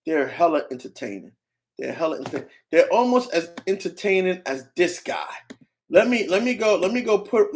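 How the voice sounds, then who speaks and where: A man's voice: fairly high pitch, gravelly. A young man streaming, giving casual rambling commentary on clips in slang and often restarting his sentences.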